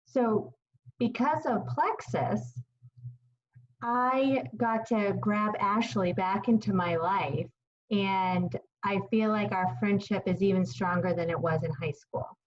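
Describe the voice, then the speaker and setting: A woman's voice: mid-range voice, takes it slowly. A woman in her late thirties hosting a casual chat, earnest and emotional, close to tears. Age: late 30s. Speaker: host. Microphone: video call. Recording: slightly muffled video call.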